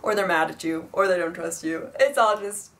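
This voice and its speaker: A young woman around twenty talks straight to her viewers in a casual advice vlog. Her voice sits slightly lower than most women's, and she rambles in a friendly, filler-heavy way, slipping into little impressions of the people in her stories. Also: moderate pace, gravelly. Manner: chatty, filler-heavy, acts out quoted dialogue. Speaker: vlogger.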